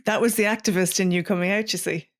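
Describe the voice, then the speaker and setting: A woman's voice: mid-range voice, steady tone, quick pace. A woman hosting a podcast, asking questions in casual chat and reacting with gasps and laughs. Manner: reactive, gasping and laughing along. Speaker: podcast host.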